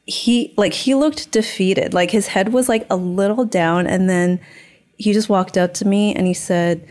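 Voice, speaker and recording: A woman's voice: medium pitch, steady tone, measured pace, a little mellow. A young woman telling a personal story candidly in a casual podcast chat, acting out quoted dialogue.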